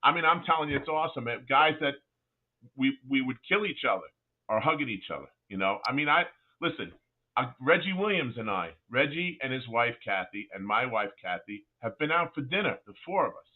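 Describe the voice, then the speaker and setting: A man's voice: medium pitch, fairly quick. Middle-aged man on a tinny line. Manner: animated anecdotes with frequent restarts. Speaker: guest, former college basketball player. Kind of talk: casual interview storytelling.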